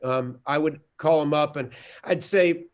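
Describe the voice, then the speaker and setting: A man with a voice a little higher than most men speaks as a guest at a showrunner roundtable. He tells his story in a halting but animated way, full of stops and restarts. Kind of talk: roundtable conversation.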